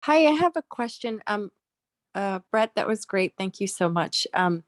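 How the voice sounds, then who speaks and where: A woman's voice: medium pitch, animated, a little slow, no echo, clean studio sound. A woman in the audience asking a question in a hesitant, polite way. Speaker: audience member.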